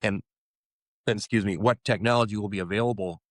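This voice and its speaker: Low-voiced midwestern man chatting. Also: brisk, dry recording. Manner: rambling, self-deprecating humor. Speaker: podcast co-host. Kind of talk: casual chat.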